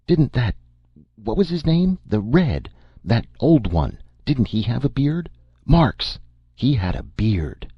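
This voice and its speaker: Male reader does shrill, prying elderly gossip lady; husky, dry, lo-fi. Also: very animated, slow, no room sound, heavily acted. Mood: excited. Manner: suspicious, whispering, shrill. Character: nosy gossiping older woman shopper.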